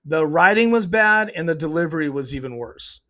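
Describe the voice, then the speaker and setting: A man's voice: fairly high pitch, animated, moderate pace, sharp tone. A man giving a casual, opinionated breakdown of a TV scene, retelling it and acting out the lines as he goes. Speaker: TV show reviewer.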